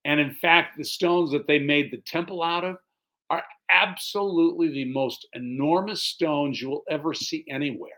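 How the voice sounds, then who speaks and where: Male pastor, relaxed teaching sermon, slightly high voice, conversational delivery. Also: moderate pace. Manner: relaxed, chatty, explains as he goes. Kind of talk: conversational sermon with scripture reading.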